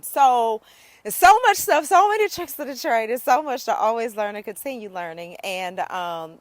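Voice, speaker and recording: A woman giving a casual video lesson on Spanish, upbeat and chatty, often checking in with "okay?" and "right?". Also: fairly low pitch. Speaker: Spanish teacher.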